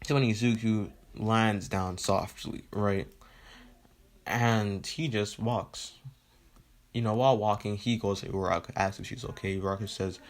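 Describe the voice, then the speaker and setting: A man's voice: on the low side, steady tone, moderate pace. A man casually retelling a fan story, rambling and leaning on fillers like "right?" and "you know", with the odd swear.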